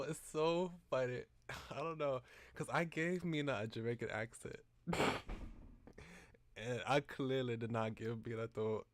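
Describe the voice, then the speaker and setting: A man's voice: medium pitch, no echo. A young man streamer reading a visual novel aloud with live commentary, giggly and easily flustered.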